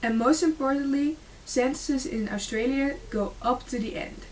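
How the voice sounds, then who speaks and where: Woman, high-pitched, hesitant school presentation, distant mic, faint hiss. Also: moderate pace. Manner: hesitant, frequent fillers and restarts. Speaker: student presenter.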